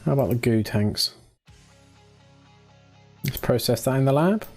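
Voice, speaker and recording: A relaxed man casually commentating his own space game, chatty with mild swearing, into a desk mic at his computer. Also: mid-range voice, measured pace, faint music behind. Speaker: gaming channel host.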